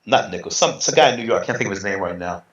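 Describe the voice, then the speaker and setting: A middle-aged man telling stories in a casual interview, lively and acting out what others said. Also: on the low side, rapid-fire. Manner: animated, acts out quotes in other voices. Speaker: interview guest, retired bodybuilder. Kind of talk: casual storytelling. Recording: roomy, slightly dull sound.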